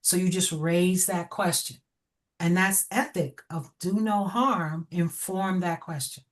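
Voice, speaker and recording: A woman's voice: fairly low pitch, steady tone, slow pace. Direct, encouraging woman teacher on a call. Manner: direct, encouraging, laughs often. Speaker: educator. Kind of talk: online class feedback. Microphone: video call.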